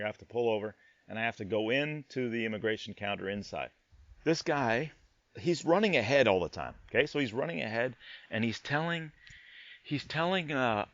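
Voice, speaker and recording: Animated man telling a story. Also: medium pitch, no room sound, dull audio. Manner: animated, repeats himself, swears in disbelief. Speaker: podcast host. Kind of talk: casual storytelling monologue.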